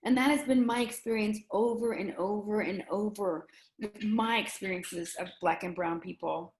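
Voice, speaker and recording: A middle-aged woman speaking earnestly and emotionally as an interview guest, often halting and restarting her sentences. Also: medium pitch, echoey room. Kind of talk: candid conversation.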